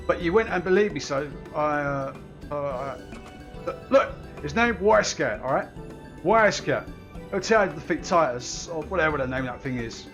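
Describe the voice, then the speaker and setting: A man's voice: a little high, voice pushed up, lightly acted. A man reading game lines aloud, voicing a panicky male sellsword who begs for mercy in a put-on Scottish accent. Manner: whining, begging, rambling.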